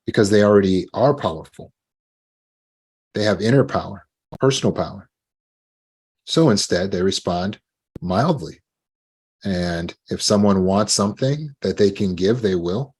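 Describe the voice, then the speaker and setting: A man giving a talk on trauma recovery, calm and gentle, now and then acting out short sample dialogues. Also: sits low, a little slow, pauses often, breathy edge. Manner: gentle, acts out sample dialogues with lively shifts. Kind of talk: instructional talk.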